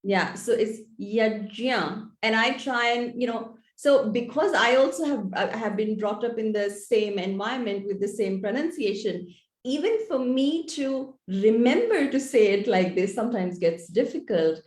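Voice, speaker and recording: A woman's voice: fairly high pitch, expressive, normal speed. Earnest woman author in an echoey room. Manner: earnest, thoughtful explaining. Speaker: author guest. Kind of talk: interview, explaining.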